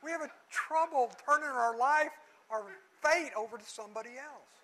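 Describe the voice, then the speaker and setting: A middle-aged man teaching a Bible lesson, telling lively stories with voices and jokes, closing in prayer. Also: very high-pitched, moderate pace, rough recording.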